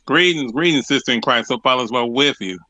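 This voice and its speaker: A man's voice: medium pitch, a little fast, bright, forceful tone, no echo. A man in his forties calling into a live show, talking casually and animatedly with laughs. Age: 40s. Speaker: caller. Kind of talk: casual chat.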